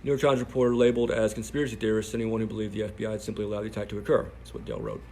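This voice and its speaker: A man's voice: on the low side, flat delivery, rapid-fire, a little mellow. A man telling a story to camera in a sardonic, rambling way, with many fillers.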